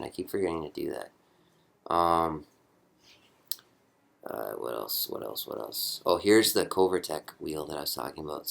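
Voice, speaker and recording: Young male hobbyist, very low voice, casual rambling show-and-tell, corrects himself as he goes. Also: fairly bright tone. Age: young adult. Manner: rambling, chatty, self-correcting. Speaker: hobbyist prop builder.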